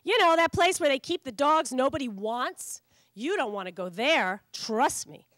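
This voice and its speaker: A woman voicing a brash, mean male guard dog in a storybook reading, in a gruff, warning tone. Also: sits high, lively intonation, moderate pace, fairly bright tone, no echo, clean studio sound.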